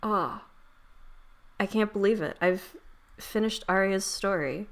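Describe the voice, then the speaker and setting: A woman's voice: medium pitch, slow, pauses often. A young adult woman casually commenting on a story game as she streams, reacting dramatically and swearing now and then. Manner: dramatic, swears, loud outbursts and laughs. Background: game music.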